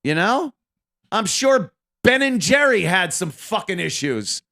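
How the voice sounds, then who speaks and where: A man in his fifties, co-host of a radio show, delivers a casual, rambling monologue on his career, swearing and mocking himself as he goes. His voice is high-pitched, sing-song, and sharp, and he speaks a little slowly.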